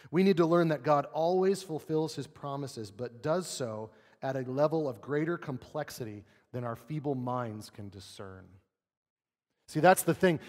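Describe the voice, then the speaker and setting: A man preaching a sermon as pastor, earnest, asking rhetorical questions and dropping quiet to read scripture. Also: a little high. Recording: long hall reverb.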